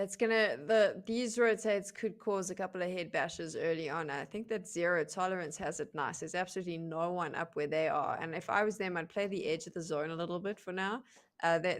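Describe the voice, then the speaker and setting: Speaking a little fast in a lowish voice, this esports caster delivers play-by-play and analysis commentary. She's chatty and self-deprecating, mixing banter into the breakdown and chuckling whenever she slips up.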